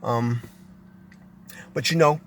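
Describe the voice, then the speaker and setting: Man, casual preachy monologue, emphatic and repetitive, mid pitch, faint noise. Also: slow pace. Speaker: video commentator.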